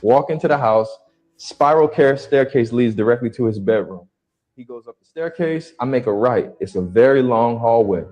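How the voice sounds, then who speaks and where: A man of middle pitch tells a personal story bluntly and vividly, clearly uneasy. Faint music plays underneath. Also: lively intonation, normal speed, a little mellow.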